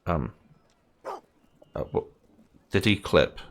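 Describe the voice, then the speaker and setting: A man's voice: deep voice, huge pitch swings, very slow, slight background noise. A Scottish man giving casual, chatty commentary as he plays a game, laughing often and thinking aloud. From Scotland. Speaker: gaming streamer.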